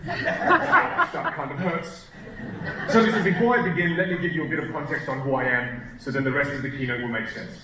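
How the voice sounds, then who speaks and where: A man's voice: on the high side, expressive, fairly quick, recorded from a distance. A man in his thirties gives a keynote as a self-deprecating, playful storyteller in a large hall. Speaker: keynote speaker. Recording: echoey hall, crowd laughter.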